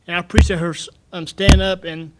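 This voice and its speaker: A man giving an earnest, halting public comment at a county meeting podium, repeating his words as he goes. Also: high voice, flat delivery, heavy background noise. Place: county commission meeting room.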